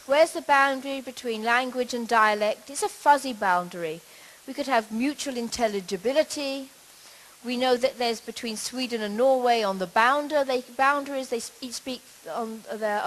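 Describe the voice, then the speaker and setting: Measured woman lecturing. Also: a little high, slight background noise, low-quality recording. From Britain. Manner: measured, explanatory, with occasional restarts. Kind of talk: conference talk on language.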